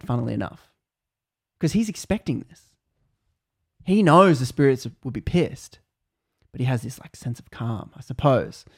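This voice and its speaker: A man telling a story casually, animated and full of fillers, acting out the quotes. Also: medium pitch.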